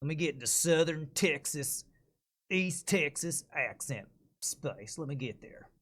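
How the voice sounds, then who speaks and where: A man chatting casually on a live stream as he works on voice-over recordings, thinking out loud and asking viewers for feedback. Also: a little high, animated, measured pace.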